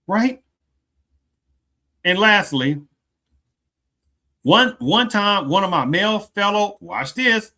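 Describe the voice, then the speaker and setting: Brief: male commentary host, fairly high, forceful tone, rambling, rhetorical. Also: animated, takes it slowly, long pauses. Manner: repeats rhetorical questions, restarts sentences often.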